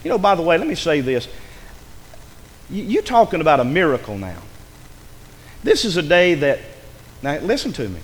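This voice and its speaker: A man preaching a sermon, dramatic, dropping to a hush and rising to a shout. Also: a little high, big pitch swings, moderate pace, pauses often, in a large hall.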